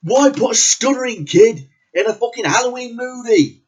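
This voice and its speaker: A man's voice: very high voice, moderate pace, slightly rough, low-quality recording. A man ranting angrily about a movie as a reviewer, swearing constantly and repeating words for emphasis. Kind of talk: angry profane movie rant.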